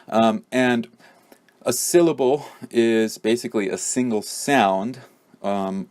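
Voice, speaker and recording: A man's voice: low voice, darkish tone. A man teaching a pronunciation lesson, explaining patiently with many fillers. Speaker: English teacher.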